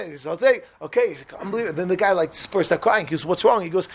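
A man teaching a class to a room of listeners, telling a lively story, acting out voices and joking with the audience. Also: high-pitched, racing, few pauses, breathy edge. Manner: animated, acts out voices, jokes with the room.

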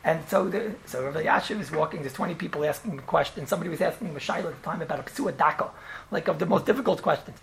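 Fast-talking man a gravelly voice. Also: fairly high pitch, a little hiss or hum, poor audio. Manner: animated, repeats himself, frequent "right?" and restarts. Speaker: storyteller recalling a rabbi. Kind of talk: casual storytelling chat.

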